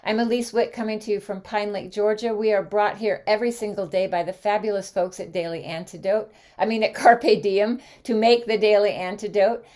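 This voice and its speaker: A woman's voice: mid-range voice, a little fast, hardly any pauses. A woman hosting an online sing-along show, cheerfully greeting viewers by name. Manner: cheerful, animated greeter listing names. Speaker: host. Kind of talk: warm online greetings, casual chat.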